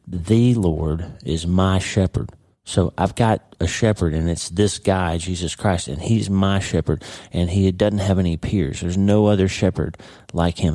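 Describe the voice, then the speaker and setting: A man's voice: low voice, warm tone, no room sound. A man hosting a podcast, giving a casual devotional Bible lesson in a conversational way that keeps checking in with the listener. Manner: conversational, repeats words and checks in with "okay?" and "right?". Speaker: podcast host and Bible teacher.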